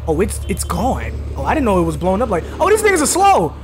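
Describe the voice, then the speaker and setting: A man streaming a game with casual commentary, bragging playfully and now and then shouting at game characters. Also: sits high, wildly swooping pitch, quick pace, over music. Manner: boastful, playful trash talk. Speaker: gaming streamer. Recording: loud game sound behind voice.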